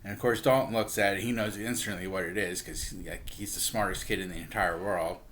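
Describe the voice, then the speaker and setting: Man, low voice, bright tone, casual comic book recap, chatty, chuckling. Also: steady tone, a little fast, a little hiss or hum. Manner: chatty, acts out characters with lots of "he's like"; chuckles while telling. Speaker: book reviewer.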